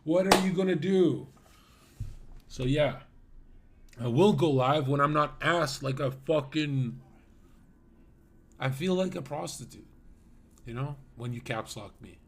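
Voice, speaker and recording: A young man ranting crudely on a livestream, mocking his viewers and swinging between loud outbursts and muttered asides. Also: medium pitch, a little slow, pauses often, slight background noise.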